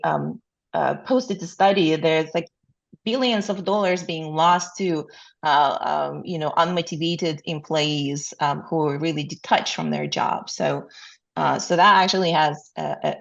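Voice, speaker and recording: Heard through a muffled recording, a woman's low, gravelly voice moves at a moderate pace as she responds in an interview. A guest burnout coach, she uses plenty of fillers and poses rhetorical questions.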